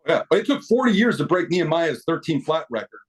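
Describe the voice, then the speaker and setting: A man's voice: fairly high pitch, sing-song, a little fast, husky. A middle-aged man talking as a podcast guest, telling stories animatedly with many restarts. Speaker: podcast guest, equipment company owner. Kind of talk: casual interview talk.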